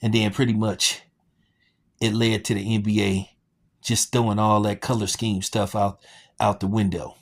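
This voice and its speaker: Low-voiced rambling sneaker vlogger man. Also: little pitch movement, normal speed. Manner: rambling, joking and sarcastic, with many fillers. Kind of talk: casual chat.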